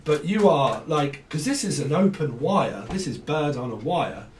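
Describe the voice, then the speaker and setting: A man in his forties with a Cockney accent talks through a tarot reading, crude and rambling, often breaking into laughter. His voice sits a little high for a man. He sounds set back from the mic in an echoey room. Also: lively intonation, a little slow, far from the mic, a little hiss or hum. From southern England. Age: 40s. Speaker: tarot reader. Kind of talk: casual tarot reading monologue.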